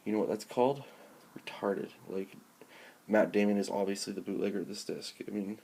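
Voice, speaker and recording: Filming himself at home on a handheld camera, a vlogger rants through an unboxing in an exasperated, sarcastic, profane way. His voice is fairly low, brisk and mellow, and the rant rambles.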